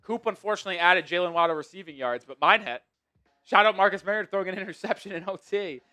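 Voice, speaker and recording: A man with a New York accent hosting a live sports stream, chatting excitably and swinging from mumbles to shouts. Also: sits high, fast talker, soft background music. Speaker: sports show host.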